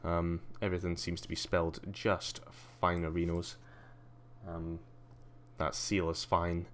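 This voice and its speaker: A man's voice: low-pitched, little pitch movement, measured pace, slight background noise. A man with a Scottish accent that carries a slight posh edge, chatting casually and drily while streaming a game. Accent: Scottish with a slight posh English tinge. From Scotland. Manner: chatty, dry, self-mocking. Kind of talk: casual livestream commentary.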